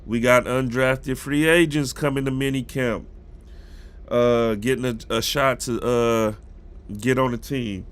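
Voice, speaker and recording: A man's voice: medium pitch, fairly even intonation, unhurried, clean tone. A man with a cold and a stuffy nose, chatting casually with his live-stream viewers about football news. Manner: chatty, greets chat viewers directly.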